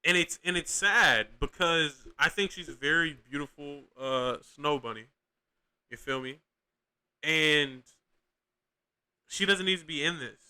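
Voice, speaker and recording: A man's voice: fairly high pitch, measured pace, long pauses, sharp tone, clean tone. A young man hosting a podcast, giving casual, profane, rambling reaction commentary with lots of slang and restarts. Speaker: podcast host reacting to clips.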